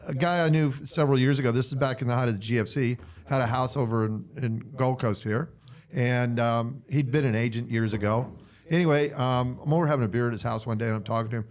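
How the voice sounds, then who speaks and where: A man's voice: mid-range voice, fast. A man, a real estate guest on a podcast, telling a long story in casual chat and acting out both sides of the dialogue. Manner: animated storyteller, acts out dialogue.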